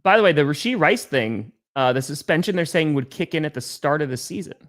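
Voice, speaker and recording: A man's voice: a little high, lively intonation, fairly quick, fairly bright tone. A man hosting a casual sports podcast, upbeat, chatting with his co-host and signing off the show. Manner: upbeat, wraps up with sign-off patter.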